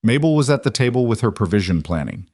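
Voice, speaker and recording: A man narrating a scripted story in a calm, even tone. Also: fairly low pitch, quick pace, dry recording, clean studio sound.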